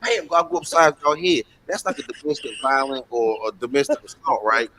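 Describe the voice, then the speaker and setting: Animated man with a lively voice. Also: medium pitch, fairly quick, poor audio. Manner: blunt, animated, swearing freely. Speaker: host, addressed as pastor. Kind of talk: casual panel chat.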